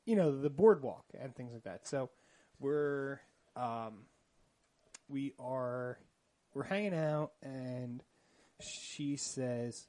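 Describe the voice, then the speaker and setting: A young man telling an awkward dating story in a casual podcast chat, animated and often laughing. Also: mid-range voice, takes it slowly. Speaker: podcast co-host.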